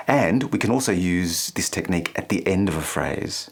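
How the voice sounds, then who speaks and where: A man hosting a singing lesson, speaking clearly and playfully and singing short phrases to show the point. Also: low voice, normal speed. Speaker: vocal coach and channel host.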